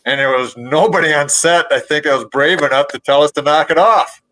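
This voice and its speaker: Bright-voiced older man telling cast stories. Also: fairly high pitch, fairly quick, low-quality recording. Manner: laid-back, chuckling, many "you know" fillers. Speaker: panel guest, former cast member. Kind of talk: casual storytelling on a video call. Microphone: video call.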